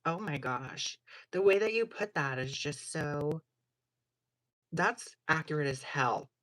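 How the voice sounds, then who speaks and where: A woman's voice: sits low, animated, slow pace, a bit bright, dry recording. A woman hosting a casual livestream, chatting in a sassy, slangy way while crafting jewelry. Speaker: livestream host.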